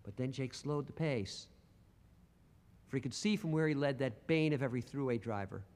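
A man's voice: mid-range voice, moderate pace, darkish tone, big-room sound. A man telling a rhyming story in a rhythmic, punchy spoken-word recitation.

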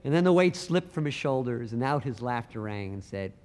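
A man's voice: medium pitch, lively intonation, fairly quick, darkish tone. Man reciting rhyming story, echoing hall. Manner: rhythmic, punchy delivery. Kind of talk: rhyming spoken-word recitation.

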